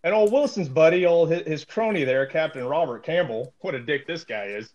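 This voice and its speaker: A man's voice: fairly high pitch, lively intonation, fairly quick, a little mellow, muffled recording. Rambling joking podcast man. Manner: rambling, joking storyteller with many fillers. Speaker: podcast co-host. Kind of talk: casual podcast chat.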